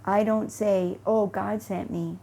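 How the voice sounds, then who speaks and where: Taking it slowly, a vlogger with a dark, gravelly, mid-range voice and fairly even intonation recounts a long everyday story about faith. She rambles, repeats words, and voices each person's dialogue, while a faint hiss sits in the background.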